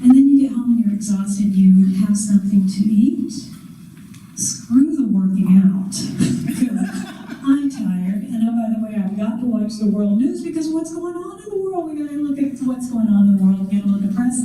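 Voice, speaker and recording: A middle-aged woman, a career coach, giving an animated conference talk and acting out her inner voices. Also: mid-range voice, moderate pace, slight background noise. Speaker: career coach and motivational speaker. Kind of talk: conference talk to a live audience. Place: conference room. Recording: echoey hall, voice from a distance.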